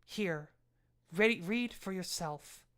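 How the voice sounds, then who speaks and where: A woman's voice: lowish voice, takes it slowly. Woman reads a blunt, suspicious precinct captain; raised and pushy. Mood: commanding. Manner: blunt, commanding orders. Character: gruff male police captain, bossy and suspicious.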